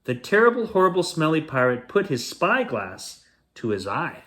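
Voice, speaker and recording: A man's voice: on the high side, huge pitch swings, moderate pace, pushed and bright. A Canadian man hosting a bedtime story reading, chatty with playful asides. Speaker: storyteller host.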